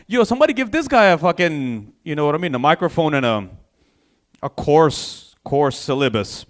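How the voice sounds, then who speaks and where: A man's voice: fairly high pitch, very animated, moderate pace. A man doing a stand-up set at an open mic, loose and profane, rambling with lots of fillers. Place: small comedy club stage.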